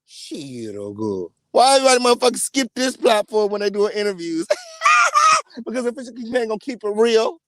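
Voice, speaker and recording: A man hosting a celebrity gossip channel, giving an emphatic, profanity-heavy rant with sudden loud outbursts. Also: sits high, big pitch swings, brisk, few pauses, dry recording. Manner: profane, emphatic, repeats "okay?" and "period". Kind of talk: ranting celebrity gossip commentary.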